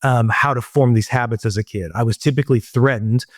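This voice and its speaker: A middle-aged man co-hosting a podcast chat, animated and full of restarts as he tells a story. His voice sits at an ordinary middle pitch. The sound is dry and close to the mic. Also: brisk, no echo. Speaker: podcast co-host. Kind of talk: casual chat.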